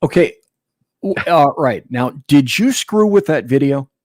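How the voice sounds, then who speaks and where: A man at a mid pitch with a very lively, bouncing delivery, teasing his co-host with playful, mock-dramatic questions. The recording is dry and close. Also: a little slow, no room sound. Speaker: podcast host. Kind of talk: casual banter.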